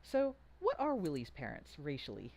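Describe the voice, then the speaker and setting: This game master talks through rules with a pitch that bounces around a lot, full of jokes and little restarts. The mood is a casual tabletop session among friends. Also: wildly swooping pitch, moderate pace, creaky, darkish tone. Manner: chatty, joking, full of fillers and restarts.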